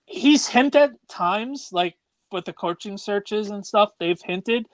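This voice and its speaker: Man, high voice, dry close sound, casual sports chat, agreeable. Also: animated, no room sound. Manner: agreeable, quick affirmations. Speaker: podcast co-host.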